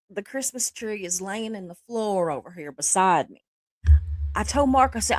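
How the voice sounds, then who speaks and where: This livestream host, a middle-aged woman down with the flu, chats casually and unhurriedly in a mid-range voice, often laughing and wandering off topic while going through viewer comments. It's studio-quality audio without any room sound.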